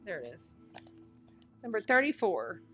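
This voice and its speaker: A woman reading tarot cards in a casual, chatty way, getting excited and thinking out loud as she talks. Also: medium pitch, unhurried, faint music behind. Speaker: astrology and tarot reader.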